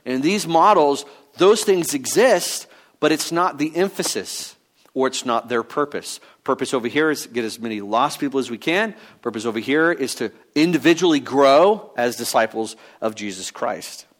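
A man's voice: mid-range voice, lively intonation, normal speed. Man preaching a conversational sermon. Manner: conversational teaching, thinking aloud with fillers and restarts; mock-voices other views in quoted asides. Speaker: pastor.

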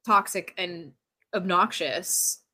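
A woman in casual podcast chat, talking in an animated rant and saying "like" constantly. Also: on the low side, takes it slowly. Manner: animated ranting, heavy use of "like".

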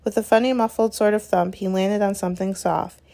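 A woman reads a novel aloud in steady, unhurried narration, now and then correcting a slipped word. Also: mid-range voice, vocal fry. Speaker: reader.

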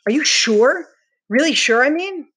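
A fretful, timid schoolboy asks worried, pleading questions in a read-aloud storybook, as a woman reader voices him. The voice is pushed up noticeably higher than her own. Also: lively intonation, measured pace, fairly bright tone. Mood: anxious.

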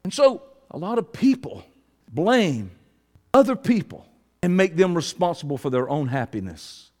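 Georgia-accented preacher, high lively voice. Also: male voice, moderate pace. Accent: Southern US, Georgia. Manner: folksy, calls out to the congregation. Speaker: pastor. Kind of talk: sermon. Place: church hall. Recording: preaching in a reverberant hall.

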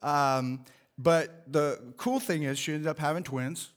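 A middle-aged pastor preaching a sermon, telling a farm story in a folksy way with lots of fillers before reading scripture. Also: male voice, fairly high pitch, steady tone, takes it slowly.

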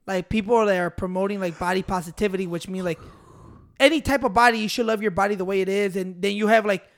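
Podcast co-host, man, very high voice, rambling storyteller. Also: steady tone, fast. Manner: rambling storyteller, laughs often. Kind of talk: casual podcast banter.

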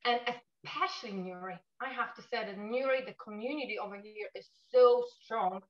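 A woman from Poland with a Polish accent, a native Polish speaker, talking quickly and animatedly in casual conversation as a guest. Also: on the high side, roomy sound, lo-fi sound. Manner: fast-talking, animated, non-native grammar.

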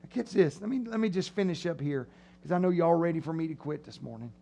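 A man preaching a sermon in a church, animated and acting out the voices of his listeners. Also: fairly high pitch, quick pace, gravelly, a little hiss or hum. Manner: animated, acts out voices of the crowd. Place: church sanctuary.

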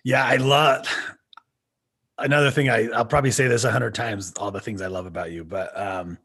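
A man's voice: medium pitch, fairly even intonation, normal speed, fairly bright tone, husky. A man hosting an interview, asking questions and affirming his guest with rambling restarts. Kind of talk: casual interview chat.

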